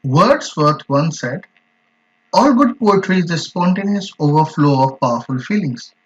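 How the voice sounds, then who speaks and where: Man, teacher, online poetry lesson, slightly high voice, slow emphatic explaining, dull lo-fi sound. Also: lively intonation. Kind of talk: explaining a poem in an online class. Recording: dull lo-fi recording.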